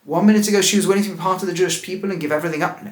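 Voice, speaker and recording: Male rabbi, animated lecturer, pitched a little high, roomy echo. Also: very fast. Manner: lively, asks rhetorical questions, laughs at the text. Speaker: rabbi teaching. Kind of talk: animated scripture lesson.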